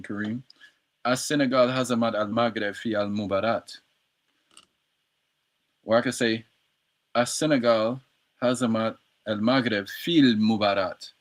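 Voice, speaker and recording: A man on a casual livestream practicing Arabic words, repeating them over and over in a slangy, playful way. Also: mid-range voice. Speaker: streamer learning Arabic.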